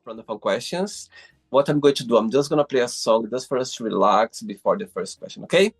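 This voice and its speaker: A man's voice: mid-range voice, animated, fairly quick, breathy edge, soft background music. A man hosting an interview show over a video call, encouraging his guest and reading out questions with slightly uneven phrasing. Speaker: host. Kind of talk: interview host.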